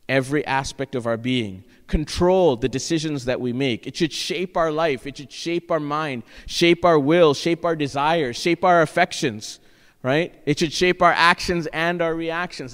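A man preaching a sermon as pastor, earnest and exhorting, often checking in with the congregation with "right?". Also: a little high. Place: church sanctuary. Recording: long church-hall reverb.

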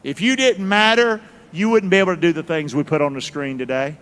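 A man's voice: a little high, a little fast, fairly bright tone, long reverb tail. A middle-aged man, a pastor, preaching a sermon and calling on the congregation to answer him, repeating key phrases. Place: large church sanctuary.

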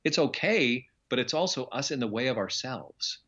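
A man's voice: mid-range voice, expressive, normal speed, a bit bright, slightly rough, lo-fi sound. A middle-aged man from Iowa, a guest sharing his story in an earnest, reflective way in a casual interview. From Iowa, USA. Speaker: guest, television journalist.

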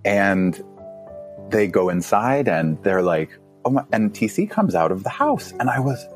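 A man on a podcast, telling a story in a casual, animated way, laughing often and jumping up in pitch as he acts out his younger self. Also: a little slow, faint music behind. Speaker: podcast guest.

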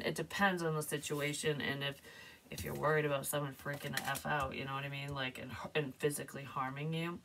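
A woman's voice: low-pitched, a bit bright, recorded from a distance, slight background noise. A woman giving a casual, hesitant psychic tarot reading, rambling and sometimes dropping to a near whisper.

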